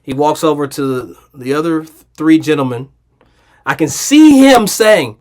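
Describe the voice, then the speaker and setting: A man with a slightly high voice, co-hosting a casual podcast. He tells anecdotes playfully and slips into the voices of the people in his stories. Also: animated, measured pace, darkish tone. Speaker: podcast co-host.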